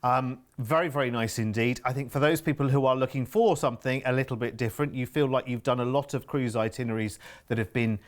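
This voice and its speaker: A man's voice: medium pitch, fairly even intonation, fast, few pauses. A man co-presenting cruise deals on TV, easygoing and a little hesitant, with repeats between thoughts. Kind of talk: relaxed sales chat.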